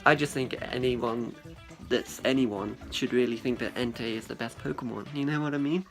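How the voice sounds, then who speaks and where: A man's voice: mid-range voice, a bit bright, soft background music. A young man rambling casually to a friend, chatty and profane, often acting out what people said. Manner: chatty and profane, quick to act out quotes. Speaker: vlogger addressing a friend.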